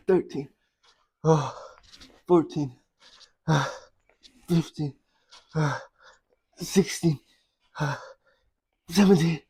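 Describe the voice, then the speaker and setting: Out of breath guy counting reps at the gym, super slow and drawn out, grunting between sets. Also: a little high, a little mellow, slightly rough. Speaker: vlogger. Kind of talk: workout vlog, counting reps aloud. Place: gym, indoors.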